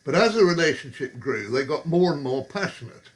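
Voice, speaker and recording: A man's voice: fairly high pitch, lively intonation, brisk, slight background noise. A man telling rambling, wry pub anecdotes with chuckles and digressions. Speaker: storyteller.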